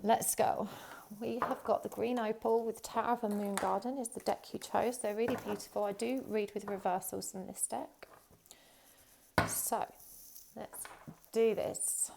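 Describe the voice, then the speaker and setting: Woman, tarot reader, vocal fry, mid pitch, chatty, casual fillers. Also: fairly even intonation, measured pace, noisy background. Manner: chatty, warm-hearted, many ums and you-knows. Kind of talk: casual tarot reading to camera.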